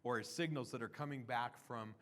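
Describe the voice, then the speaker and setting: A man's voice: medium pitch, moderate pace, fairly bright tone. Man giving a casual conference talk. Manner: conversational, with fillers and restarts. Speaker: product presenter. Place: conference session room.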